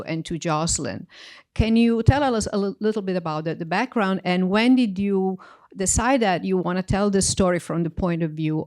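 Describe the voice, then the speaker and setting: A woman's voice: lowish voice, a little mellow. A woman moderating a film Q&A in a cinema, asking questions with many restarts and fillers. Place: big cinema theater.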